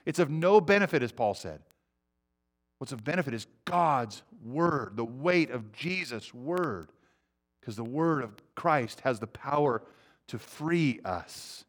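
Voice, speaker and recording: A middle-aged man preaching a sermon, earnest, swinging between loud urgency and quiet intensity. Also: medium pitch, expressive, slow pace. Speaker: pastor.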